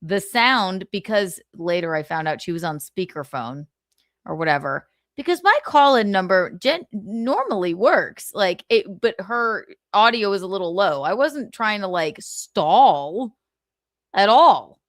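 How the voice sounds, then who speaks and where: Animated, profane woman livestream host. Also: medium pitch, unhurried, no room sound, clean studio sound. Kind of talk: casual livestream rant.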